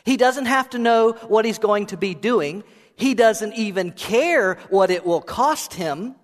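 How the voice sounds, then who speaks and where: A man's voice: high voice, expressive, unhurried. A middle-aged man preaching a sermon as pastor, conversational and playful, asking his listeners questions. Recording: reverberant hall sound.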